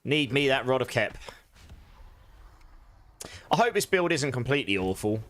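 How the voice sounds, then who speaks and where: A man's voice: mid-range voice, sing-song, normal speed, a bit bright. A man streaming a game live, chatting casually with viewers and laughing often. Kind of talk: casual live stream chat while gaming.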